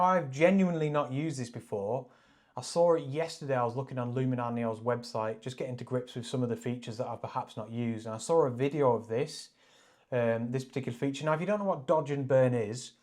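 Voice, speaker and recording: Brief: male photography vlogger, mid-pitched, chatty, excitable, screen-recorded editing tutorial. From Wales. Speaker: photography YouTuber.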